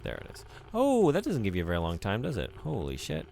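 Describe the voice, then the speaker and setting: A man's voice: on the low side, wildly swooping pitch, quick pace, creaky, a little mellow, slight background noise. A male streamer chatting casually with viewers while thinking aloud through a game. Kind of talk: casual live-stream gameplay chat.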